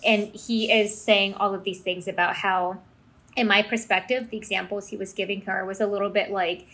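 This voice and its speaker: A woman co-hosting a casual recap podcast, speaking reflectively and sometimes quoting others softly. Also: mid-range voice, steady tone, moderate pace, low-quality recording. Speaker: podcast co-host.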